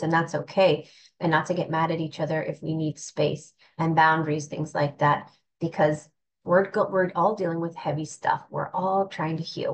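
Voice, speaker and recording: With a low-pitched voice, this woman, a spiritual teacher, speaks earnestly and reflectively in a casual style, often starting sentences over. There's slight background noise, and the recording is rough.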